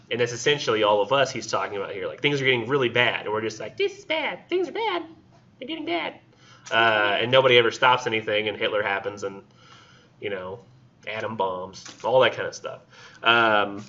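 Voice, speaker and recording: In a dull lo-fi classroom recording, a literature instructor at a college rambles through a casual lecture full of fillers and asides, putting on silly voices. His lowish voice is bright and forceful, with slight background noise.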